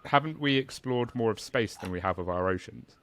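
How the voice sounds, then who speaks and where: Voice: mid-range voice, lively intonation, brisk. A podcast guest in casual chat, reacting with exclamations.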